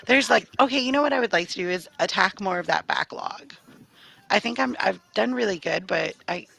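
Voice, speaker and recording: A woman co-hosting a gaming podcast in casual chat, telling animated stories, acting out quotes and laughing often. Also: mid-range voice, fairly quick, vocal fry, slightly rough, poor audio. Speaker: podcast co-host.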